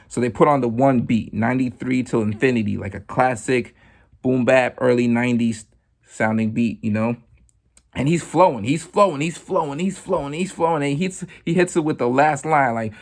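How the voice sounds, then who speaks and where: A man hosting a podcast, talking through music news in a relaxed, chatty monologue full of "like" and "you know". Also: medium pitch, fairly quick, vocal fry. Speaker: podcast host. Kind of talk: casual commentary monologue.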